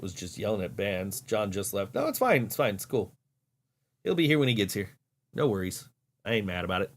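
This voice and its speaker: A man from Niagara Falls hosting a casual solo podcast, rambling and exasperated, with many fillers. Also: fairly low pitch. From Niagara Falls, New York. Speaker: podcast host.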